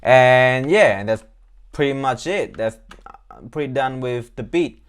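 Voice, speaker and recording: Smooth-voiced man casually explaining his beat. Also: medium pitch, slow. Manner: loose and rambling, many fillers, self-deprecating. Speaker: music producer and artist. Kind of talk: casual beat breakdown walkthrough.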